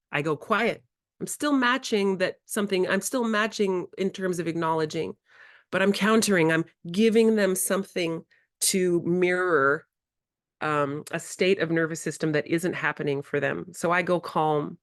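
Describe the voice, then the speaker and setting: A woman presenting a workshop to educators, animated and acting out conversations with children. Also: fairly low pitch, moderate pace, dry recording, studio quality. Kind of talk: workshop lecture. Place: in-person workshop.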